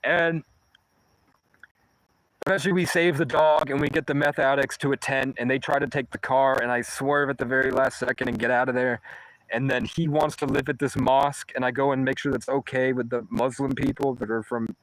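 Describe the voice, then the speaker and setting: A man's voice: mid-range voice, flat delivery, brisk, a bit bright, dry recording, low-quality recording. A homeless man telling a long story casually, rambling and swearing, with many false starts. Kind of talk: casual first-person storytelling.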